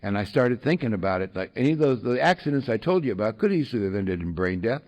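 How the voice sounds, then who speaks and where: A man's voice: on the low side, big pitch swings, quick pace, a little mellow, poor audio. A man sharing his recovery story with an audience in a wry, self-mocking way, full of fillers and chuckles.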